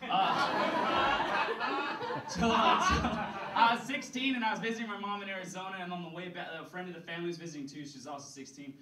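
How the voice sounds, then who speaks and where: A young man tells rambling, self-deprecating stand-up stories and keeps breaking into laughter at his own jokes. His voice sits high for a man. He is picked up from a distance in a roomy, echoing space with loud noise underneath. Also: a little fast. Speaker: stand-up comedian. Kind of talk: stand-up storytelling. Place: comedy venue stage.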